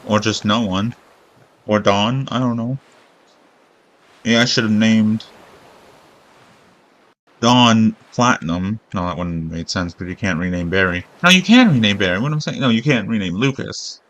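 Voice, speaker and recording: Guy chatting while streaming a game, rambly and sarcastic, swears, bright tense tone. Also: on the low side, a little slow, long pauses, muffled recording. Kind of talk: casual gameplay commentary.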